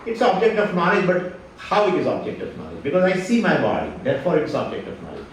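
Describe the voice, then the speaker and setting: Guy teaching vedanta, kinda high voice, bouncy delivery, echoey hall, sounds off mic. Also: quick pace, far from the mic. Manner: animated, rhetorical questions, repeats phrases. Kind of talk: spiritual lecture. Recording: echoey hall, speaker away from the mic, faint noise.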